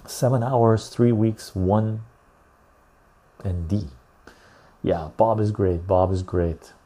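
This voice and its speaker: A man hosting a podcast, chatting casually and reading the live chat, calm and unhurried, swearing freely and laughing often. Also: fairly low pitch.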